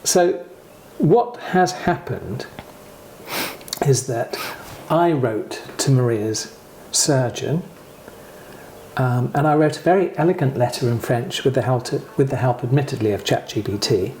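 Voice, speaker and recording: A man's voice: medium pitch, lively intonation, a little slow, a little mellow, a little hiss or hum. A middle-aged English man co-hosting a vlog, supportively prompting his partner through a hard story. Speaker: vlog co-host. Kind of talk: candid conversation. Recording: roomy echo.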